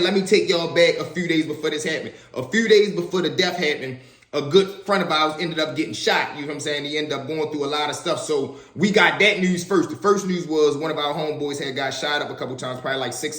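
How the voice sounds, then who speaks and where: Animated young man telling stories. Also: fairly high pitch. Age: 20s. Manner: slangy, animated, frequent asides to listeners. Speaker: storyteller. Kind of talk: casual storytelling vlog. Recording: echoey room.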